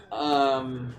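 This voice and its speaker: Rambling guy chatting on a stream. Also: medium pitch. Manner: rambling, filler-heavy storytelling. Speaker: guest streamer. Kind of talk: casual chat.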